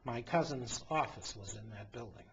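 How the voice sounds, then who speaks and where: A man's voice: medium pitch, normal speed, background noise. A male priest hosting a talk show, delivering an emphatic, indignant commentary full of rhetorical questions. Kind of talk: impassioned commentary monologue. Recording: dull lo-fi recording.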